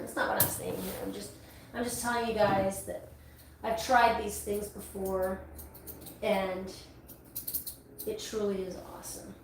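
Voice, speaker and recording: A woman's voice: mid-range voice, fairly even intonation, a little slow. A woman, a dog groomer chatting casually and rambling with many restarts while she works in a grooming salon. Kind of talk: casual chat while working. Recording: echoey room, distant mic, faint noise.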